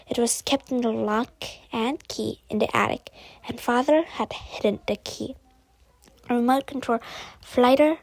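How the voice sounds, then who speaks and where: A woman reading a children's book aloud slowly and carefully, with the odd small stumble. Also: a little high, gravelly, dry recording, poor audio. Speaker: storybook reader.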